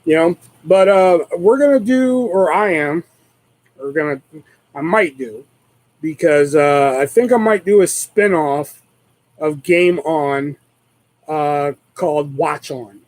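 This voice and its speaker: A man's voice: on the high side, slow, darkish tone, low-quality recording. Man rambling and swearing on stream. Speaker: live stream host. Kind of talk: casual live stream chat.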